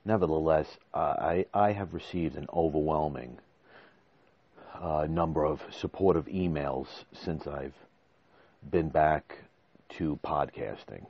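A man's voice: rumbling low, takes it slowly, no echo, muffled recording. A man in his forties hosting a podcast, talking to listeners in an emotional, rambling way and restarting his words. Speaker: podcast host. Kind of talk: casual monologue. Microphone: desk microphone.

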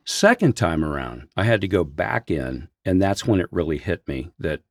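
A man's voice: low voice, normal speed, no room sound, studio quality. A man who works as a senior pastor, telling a personal story on a podcast in an earnest, heartfelt way. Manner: earnest, heartfelt, animated in places.

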